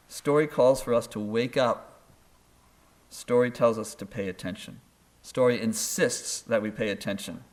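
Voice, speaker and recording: A male author and professor giving a public lecture in a school auditorium, telling anecdotes with dry humor and building points through emphatic repetition. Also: fairly low pitch.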